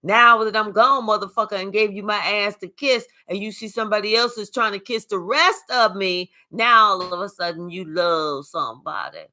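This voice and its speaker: A woman doing a live tarot reading, talking in a sassy, profane, animated way and chatting with her viewers. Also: medium pitch, moderate pace, few pauses. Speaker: tarot reader.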